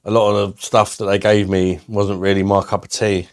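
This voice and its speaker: A man's voice: on the low side, level tone, moderate pace, slight background noise. A man, chatting casually on a live stream, blunt and sweary, laughing often and reading out chat messages. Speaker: beer reviewer hosting a live stream.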